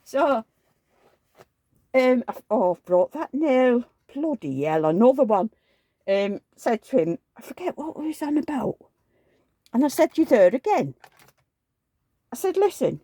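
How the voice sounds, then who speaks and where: An older woman tells a rambling, animated story and often forgets where she was going. Her voice rises and falls widely as she talks. The sound is dry and close, with no room echo. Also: sits high, measured pace, long pauses. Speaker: doll collector vlogger. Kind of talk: casual chatty storytelling.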